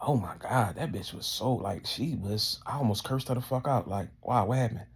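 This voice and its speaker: A man's voice: on the low side, lively intonation, normal speed, creaky, slightly rough. A man ranting heatedly and indignantly, full of profanity, his voice climbing as he gets worked up. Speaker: vlogger. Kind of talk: casual profane rant to camera.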